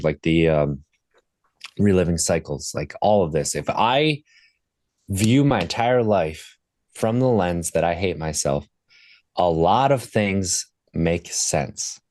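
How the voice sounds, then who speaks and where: A man talking as a podcast guest, telling a candid personal story in a reflective, halting way with restarts. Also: low-pitched, a little mellow, no room sound, studio quality.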